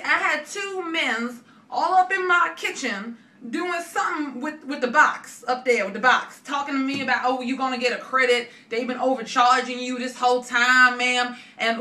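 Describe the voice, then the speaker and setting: A woman's voice: high-pitched, moderate pace, few pauses, pushed and bright, echoey room, distant mic. Woman doing a brash irate Bronx caller. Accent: New York. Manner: brash slangy complaining. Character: loud sassy irate woman customer from the Bronx.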